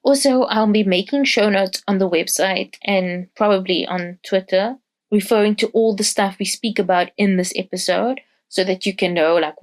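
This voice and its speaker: A woman introducing her podcast episode, speaking directly and warmly to her listeners. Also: medium pitch. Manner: friendly, addresses listeners directly. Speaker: podcast host.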